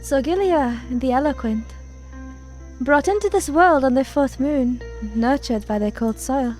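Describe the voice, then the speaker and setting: A woman reading the lines of a gentle female priestess in a story game, soothing and ceremonial. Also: sits high, a little slow, soft background music, pitched above the performer's own voice, poor audio. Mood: solemn.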